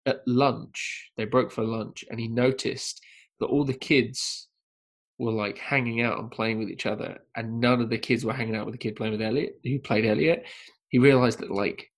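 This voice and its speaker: A man in casual podcast chat, telling a film anecdote with lively energy and acting out quoted lines. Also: moderate pace. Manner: animated storyteller, acts out quotes in high voices. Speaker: podcast panelist.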